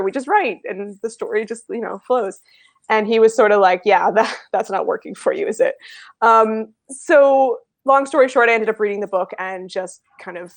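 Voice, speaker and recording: A woman's voice: mid-range voice, dry recording. A woman speaking as a guest author in an interview, chatty and self-deprecating. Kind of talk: casual interview answers.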